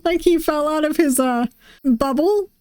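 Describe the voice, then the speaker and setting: A woman's voice: high-pitched, a little slow, a little mellow, no room sound. A woman streaming a visual novel playthrough, reading its text aloud with playful voices and laughter.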